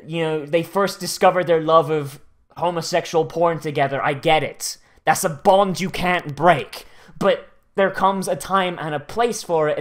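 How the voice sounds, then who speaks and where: A man's voice: fairly high pitch, fairly bright tone. A man hosting an anime reaction, recapping an episode in casual, rambling, profane commentary full of restarts. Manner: rambling, sweary, frequent restarts.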